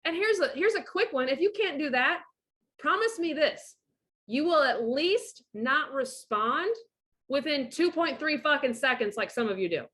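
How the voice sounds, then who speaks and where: A middle-aged woman talks straight to camera with a high voice. Her tone is sharp and forceful, and she swears freely. She gives blunt orders as a divorce coach. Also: expressive, moderate pace. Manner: blunt, profane and emphatic; bossy, gives direct orders. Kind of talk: casual profane monologue to camera.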